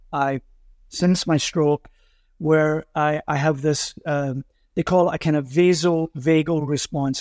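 Scottish man telling lively stories. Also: a little high, no echo, clean studio sound. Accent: Glasgow Scottish. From Scotland. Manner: acts out voices in anecdotes. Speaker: musician guest. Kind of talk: animated storytelling.

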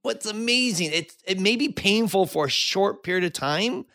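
A man co-hosting a podcast, talking earnestly and reflectively, with animated bursts. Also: high-pitched, normal speed. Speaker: podcast co-host. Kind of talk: casual chat.

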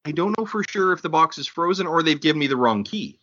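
A man's voice: a little high, animated, quick pace, pushed and bright, no echo. A man co-hosting a casual podcast, telling stories playfully and reading a sponsor plug. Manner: playful storyteller, reads sponsor plugs. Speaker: podcast co-host. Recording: dull lo-fi podcast audio.

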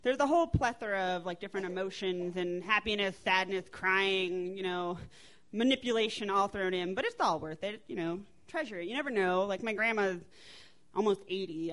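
This American woman in her twenties, speaking at a medium pitch, performs a comic family tale onstage. She's lively and conversational, breaking into laughter and swearing freely.

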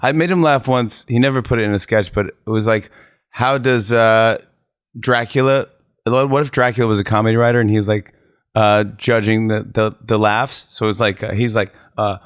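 Animated man telling funny stories. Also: fairly low pitch, normal speed, clean tone, no echo. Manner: animated storyteller, slips into voices. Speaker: comedian guest. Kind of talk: casual chat, telling anecdotes.

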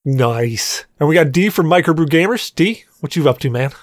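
A man hosting a casual podcast who teases his guests with crude jokes. His voice swings up and down a lot in pitch, and the sound is close and dry with no room echo. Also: lively intonation, normal speed. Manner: joking, teasing, introduces each guest. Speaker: podcast host.

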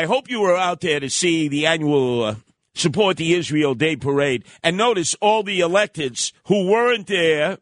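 A man is hosting a talk radio show, telling a story in an animated and heated way. His voice sits a little high for a man. It is recorded close and dry in a studio. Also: dry recording. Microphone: studio microphone.

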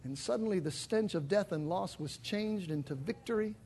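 A male pastor delivering a dramatic sermon in a church, swinging from shouted lines to near whispers. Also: high-pitched, moderate pace. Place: church sanctuary.

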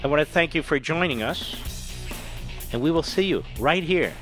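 A man hosting a talk radio show with sarcastic, mocking commentary that swings between loud jabs and quiet asides. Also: fairly high pitch, animated, moderate pace, faint music behind.

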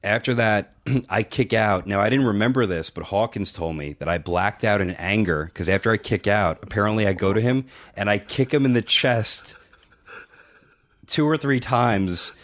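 Low-voiced guy on a podcast, swearing a lot, acting out a wrestling story. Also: normal speed. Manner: profane, animated anecdote-telling with quoted dialogue. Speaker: podcast host and wrestling trainer. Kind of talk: casual storytelling chat.

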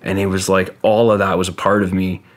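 Brief: man with a very low voice, casual guest storyteller, rambling and halting, swears freely. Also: little pitch movement.

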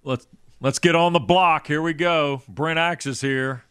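A man's voice: fairly high pitch, measured pace, a bit bright, clear, resonant tone, no room sound, clean studio sound. A man co-hosting a sports radio show, making emphatic football arguments. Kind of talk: sports talk commentary.

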